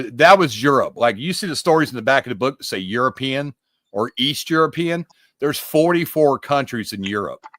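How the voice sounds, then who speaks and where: A man's voice: medium pitch, a bit bright, no echo, studio quality. A man on a podcast, explaining puzzle clues in emphatic, rambling casual chat with the odd mild curse. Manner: emphatic, rambling, mildly profane. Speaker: podcast co-host.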